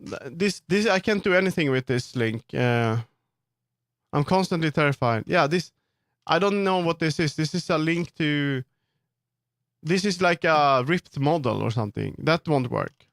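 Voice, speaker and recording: A man on a live stream chats with his viewers as he works, earnest and firm. His voice sits a little high for a man. The sound is close and dry, with no room echo. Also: expressive, unhurried, fairly bright tone. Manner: talks to viewers while working, firm and earnest. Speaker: livestreamer and 3D model customizer. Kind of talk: casual livestream chat, answering chat.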